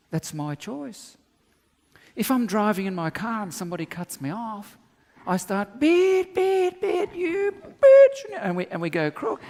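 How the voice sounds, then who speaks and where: A man preaching a sermon as pastor, joking and acting out conversations with frequent laughter. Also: on the high side. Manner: humorous, acts out dialogue, laughs often. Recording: long hall reverb.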